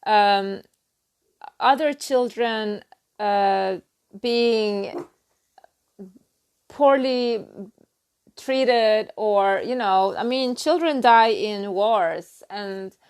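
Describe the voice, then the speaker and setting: A woman giving a halting, earnest spiritual talk on her own channel, full of restarts and "you know.". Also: mid-range voice, darkish tone, smooth. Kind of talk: personal spiritual talk to camera.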